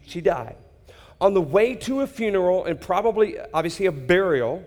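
A man preaching a sermon, dramatic, acting out people's reactions and dropping to hushed emphasis. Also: sits high, long reverb tail. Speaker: pastor.

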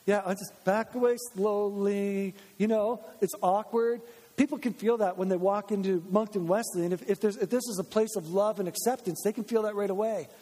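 A man's voice: sits high, moderate pace, mellow. Guy pastor giving a sermon, chatty, does little voices for quotes, big echoey church. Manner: conversational, acts out quoted voices. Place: church sanctuary. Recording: long church reverb.

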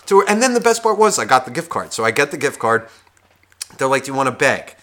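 A man co-hosting a podcast, telling a profane story in a casual, animated way and acting out the people in it. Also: medium pitch, fast talker. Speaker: podcast co-host.

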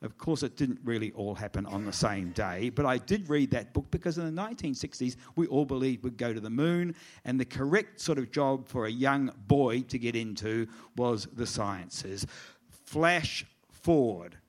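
A middle-aged man, an author speaking to an audience in a lecture room, gives a storytelling presentation in an expressive, mid-pitched voice at a moderate pace. His stories are wry and self-deprecating, full of quoted dialogue.

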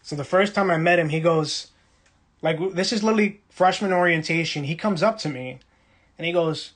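A man's voice: fairly high pitch, moderate pace, fairly bright tone, slightly rough. A young man from Brooklyn, casually hosting a livestream, reading the chat and teasing viewers playfully. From Brooklyn, New York.

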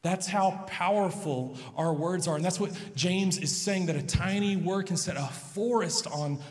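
Man, thirties, pastor, sermon, storytelling, soft-to-loud swings, slightly high voice, long hall reverb. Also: unhurried.

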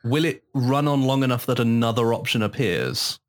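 A man co-hosting a casual podcast chat, talkative and quick to laugh, letting his voice drop low and soft at the ends of lines. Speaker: podcast co-host. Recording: audio taken from a live stream.

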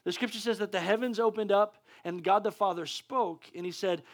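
A male preacher giving a sermon, excitable and often stumbling over restarts. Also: high voice, brisk.

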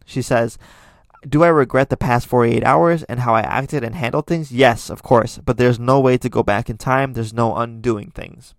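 A man's voice: mid-range voice, normal speed, gravelly, dry recording. A man hosting a casual podcast, commenting on tweets in a chatty, opinionated way with many fillers and restarts. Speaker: podcast host.

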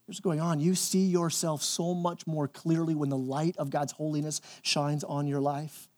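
A man preaching a church sermon, animated, then dropping to a hushed, intense tone. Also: a little high, moderate pace. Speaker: pastor.

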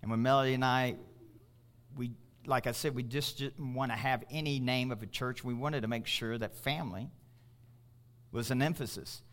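A man's voice: mid-range voice, steady tone, moderate pace. A middle-aged male pastor preaching a sermon, emphatic and calling out to his congregation.

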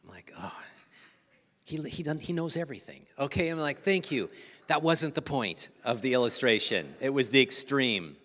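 A middle-aged man preaching a sermon as pastor, animated, swinging between loud emphasis and hushed, near-whispered asides. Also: medium pitch, moderate pace. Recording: church hall reverb.

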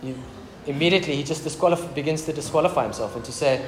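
A man's voice: fairly high pitch, very fast. A man preaching a casual, joking sermon in a church hall. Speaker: pastor. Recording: echoey church hall with background noise.

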